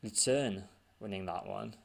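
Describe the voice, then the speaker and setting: A man's voice: lowish voice, unhurried, gravelly. A man giving casual gameplay commentary, thinking aloud and muttering as he reads results off the screen. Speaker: gaming channel host.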